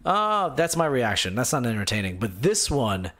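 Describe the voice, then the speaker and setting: Excitable rambling man on a gaming podcast. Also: on the low side, normal speed. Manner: rambling, excitable, swings from mumbling to loud outbursts. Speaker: podcast host. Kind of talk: casual solo gaming podcast.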